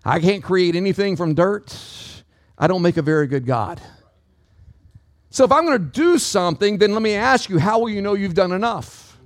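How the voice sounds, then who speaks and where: A man with a high voice preaches a sermon from the pulpit, calling out to his congregation. His delivery swings in pitch and pace, and his voice sounds dry and close. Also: lively intonation, moderate pace, no room sound. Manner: preaching with call-outs to the congregation. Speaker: pastor.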